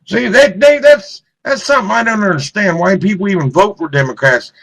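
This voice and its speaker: Male radio co-host, high and bright, heated and repetitive. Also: fairly quick, gravelly, low-quality recording. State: clearing throat, choked up. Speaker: radio talk show co-host. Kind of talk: live political talk radio.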